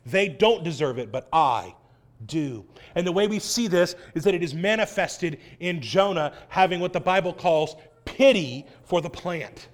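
A man preaching a sermon in an animated, wry way, acting out voices as he quotes. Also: high-pitched, normal speed, hardly any pauses.

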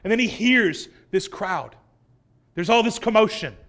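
Man, pastor, high voice, dramatic sermon delivery, loud then hushed. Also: lively intonation, unhurried. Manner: dramatic scripture reading, swelling loud then dropping soft.

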